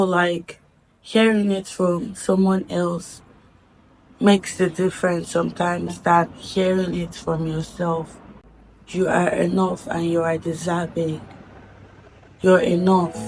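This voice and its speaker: A woman speaking in a heartfelt personal vlog, earnest and reflective, repeating phrases for emphasis. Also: fairly low pitch. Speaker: vlogger.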